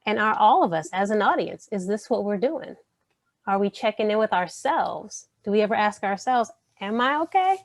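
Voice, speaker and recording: A woman presenter on an online panel who speaks reflectively to the audience, gently probing with rhetorical questions. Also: mid-range voice, moderate pace, dry recording. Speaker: panel presenter, counselor educator.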